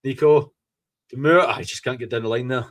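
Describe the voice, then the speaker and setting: A Scottish man hosts a fan podcast, reacting live to a football match. His mid-range voice moves briskly, and he is excitable and gloating, swearing freely.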